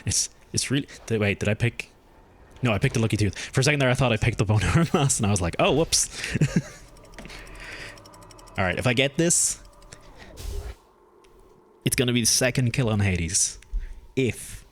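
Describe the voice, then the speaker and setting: A man streaming a game, chatting casually and thinking aloud as he plays, with his pitch jumping up when something surprises him. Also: moderate pace, long pauses. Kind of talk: casual gameplay commentary.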